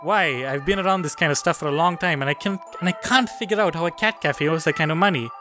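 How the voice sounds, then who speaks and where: A man's voice: a little high, fast, over music, natural voice. A man reading the lines of a suspended woman detective, blunt and questioning. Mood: probing.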